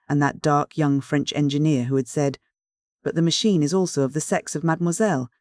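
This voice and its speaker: Brief: steady storybook narrator, mid pitch, close and dry. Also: dry recording. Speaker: audiobook reader. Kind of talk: scripted narration.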